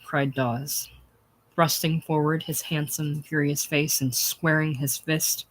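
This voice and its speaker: Brief: slow, plain novel reader, close and bone-dry sound. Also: mid-range voice, little pitch movement, a bit bright, dry recording. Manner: unhurried, plain reading. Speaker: audiobook narrator. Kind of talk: unabridged novel reading.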